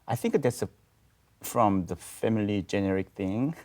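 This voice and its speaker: A man speaking on a diction panel in a studio, halting and searching for words as he demonstrates syllables aloud. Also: lowish voice, expressive, a little mellow. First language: Korean. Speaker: roundtable panelist, choir teacher. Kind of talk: explaining diction at a panel discussion. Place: video studio.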